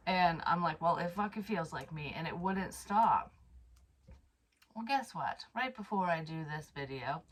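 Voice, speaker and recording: A woman's voice: lowish voice, moderate pace, a bit bright, poor audio. A woman psychic medium telling a personal story to camera in a casual, frank way, swearing freely, sighing and trailing off mid-sentence.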